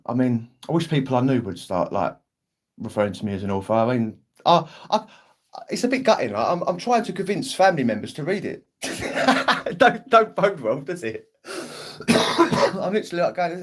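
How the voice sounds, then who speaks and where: A man's voice: a little high, very animated, normal speed. A young British man chatting casually on a livestream, rambling and swearing freely, acting out family members' lines. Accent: British English. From England. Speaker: livestream host.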